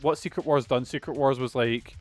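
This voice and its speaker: A man's voice: mid-range voice, fairly even intonation, brisk, faint music behind. Rambling, swearing game streamer man. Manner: rambling, swears often, trails off mid-thought. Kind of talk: casual let's-play commentary.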